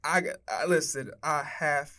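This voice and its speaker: A man's voice: fairly high pitch, lively intonation, a little slow, sharp tone. A young man streaming a casual sports rant, emphatic and profane as he argues his takes.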